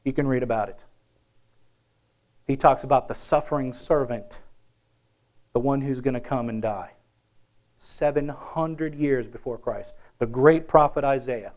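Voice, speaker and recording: A man preaching a sermon, swinging from loud dramatic bursts to hushed asides and asking his listeners questions. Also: mid-range voice, unhurried, long pauses. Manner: asks the listeners questions often. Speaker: pastor.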